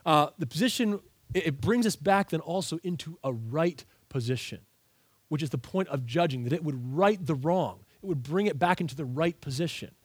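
A man preaching a sermon, reading scripture aloud and explaining it in an earnest, emphatic way with quick asides. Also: fairly high pitch, lively intonation, husky, no echo. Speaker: pastor.

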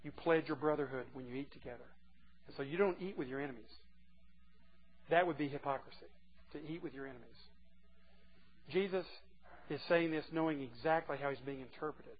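A man preaching a sermon to a group of men, earnest and moving between hushed and emphatic delivery. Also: on the high side, a little fast, long pauses. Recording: muffled lo-fi recording.

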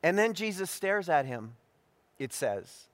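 Male preacher, higher-pitched voice, deliberate expository delivery, reverb from a hall. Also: very animated, a bit bright. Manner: measured, deliberate delivery with frequent restarts and fillers. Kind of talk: expository sermon.

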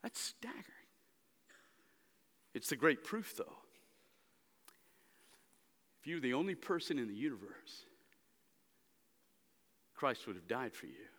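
Forceful man preaching in an echoing church. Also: medium pitch, very animated, slow, pauses often. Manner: dramatic preaching, swinging between hushed and loud emphatic stretches. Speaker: pastor. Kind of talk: sermon. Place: church sanctuary. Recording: long hall reverb.

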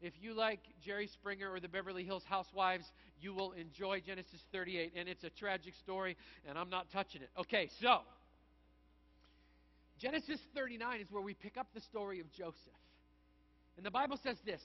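A man with a high, light voice preaches a conversational sermon and slips into acted asides. The recording sounds dull and lo-fi. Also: a little fast. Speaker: pastor.

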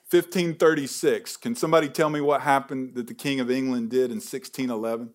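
A man preaching a sermon at a camp service, questioning the audience and swinging from fervent peaks to quiet pleading, audibly emotional. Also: medium pitch, fairly even intonation, a little fast, few pauses.

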